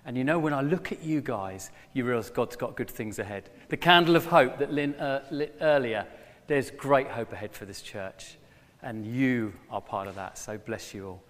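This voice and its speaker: A middle-aged man preaching a sermon to his former church, telling a story with lively bursts when he plays a character. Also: mid-range voice, normal speed. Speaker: former pastor, guest preacher. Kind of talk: sermon with a joke. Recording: long hall reverb.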